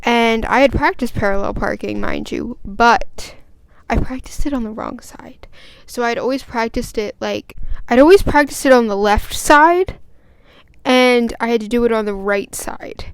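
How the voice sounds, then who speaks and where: A woman's voice: fairly high pitch, unhurried, clear, resonant tone, no room sound. A young woman vlogger telling a story and ranting in a chatty, rambling way with lots of fillers. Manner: grows agitated and emphatic. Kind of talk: casual storytime rant.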